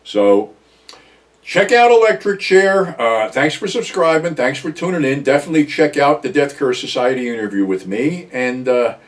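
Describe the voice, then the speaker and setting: An older man from New Jersey, USA, tells a profane, rambling story about his own past as a channel host, blunt and swearing heavily, getting loud when quoting himself. His mid-range voice is animated, at normal speed with few pauses, and he sits far from the mic.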